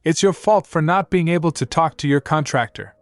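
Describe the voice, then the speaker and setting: A man voicing a loud, protective male spirit who bellows back in a storybook recap. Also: a little high, brisk, no echo, soft background music, pitched above the performer's own voice, close to an everyday voice. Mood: defensive. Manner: bellowing, defensive.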